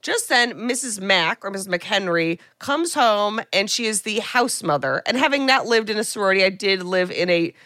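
A woman's voice: medium pitch, dry recording, studio quality. A woman co-hosting a podcast, casually recapping a movie and acting out the characters' lines as she goes. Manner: animated storytelling with quick acted-out quotes. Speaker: podcast co-host.

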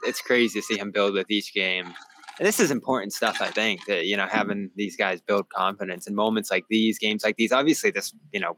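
A man with a low voice calls in to a sports podcast and breaks down the game. He rambles and restarts a lot in an easy, casual way. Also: sharp tone, rough recording. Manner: rambling, many fillers and restarts. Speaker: beat reporter on a sports podcast.

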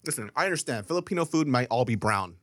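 A man's voice: mid-range voice, lively intonation, fast, a bit bright, no echo, studio quality. A man co-hosting a podcast in casual chat, trading joking, profane banter. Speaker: podcast co-host.

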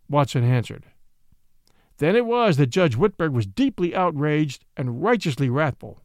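A man narrating a classic short story in an expressive, dramatic audiobook reading. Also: medium pitch, measured pace, creaky, no echo, clean studio sound.

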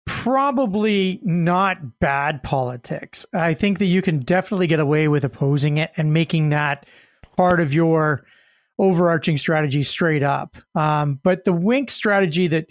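A man muses through his political view on a casual podcast, stopping and restarting as he thinks aloud. His voice is fairly high for a man. The sound is dry and close to the mic. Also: normal speed, dry recording. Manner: hesitant, many fillers and restarts. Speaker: political commentator.

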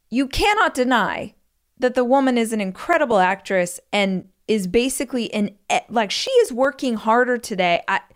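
A woman hosting a casual solo podcast, talking in a chatty, rambling way. Her voice is smooth and clear, and it sits at a middle pitch. She jumps between asides and restarts as she gushes. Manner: chatty and rambling, gushing about movies; frequent restarts and side comments. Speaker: podcast host.

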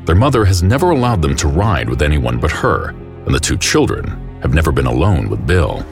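A man narrates a true-crime documentary with grave, measured delivery. His voice sits very low and gravelly, and it rises and falls expressively. Music plays under him throughout. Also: big pitch swings. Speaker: host and narrator.

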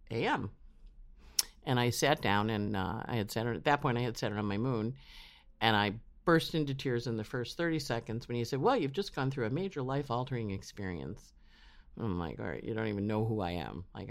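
A man being interviewed as an astrologer, telling his story casually and acting out quotes in animated voices. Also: medium pitch. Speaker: astrologer guest. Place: home in New York.

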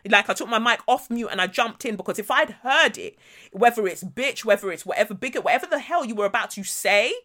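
A woman podcast co-host telling a story in a blunt, animated way with frequent swearing. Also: medium pitch. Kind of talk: casual storytelling chat.

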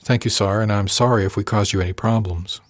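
A man voicing a shy, apologetic young female crew member in an audiobook, speaking softly and hesitantly. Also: lowish voice, steady tone, brisk, no room sound, clean studio sound, close to an everyday voice. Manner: soft-spoken, hesitant.

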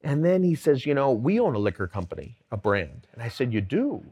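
A middle-aged man, a guest entrepreneur on stage, telling animated anecdotes full of quoted dialogue. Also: mid-range voice, fairly quick, slightly rough. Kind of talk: storytelling on stage.

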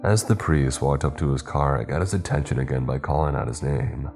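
A man narrating a scripted horror story in the first person, in a steady, even storytelling way. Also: rumbling low, fairly quick, creaky, faint music behind.

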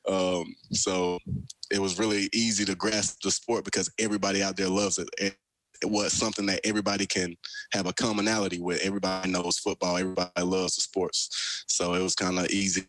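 A man's voice: sits low, a little fast, no echo. A young man with a Southern American accent, a pro football player telling stories as a guest in a casual radio interview. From Alabama, USA. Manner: animated storyteller, folksy.

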